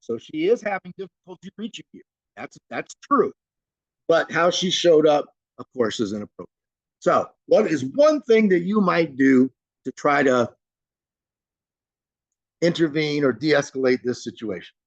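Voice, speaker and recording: A man runs a live online workshop over a computer mic, his slightly high voice carrying a gravelly edge. The sound is dry and close, with no room around it. He talks informally and warmly praises each participant's reply. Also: lively intonation, normal speed, dry recording, highs cut off. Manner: encouraging, praises participants by name; chatty and informal, frequent fillers. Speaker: trainer leading a webinar. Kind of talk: live online training, reading chat replies aloud.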